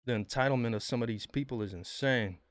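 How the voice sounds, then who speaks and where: A man's voice: mid-range voice, quick pace. A man hosting a reaction video, giving blunt, profane, mocking commentary on viral clips. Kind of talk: casual commentary.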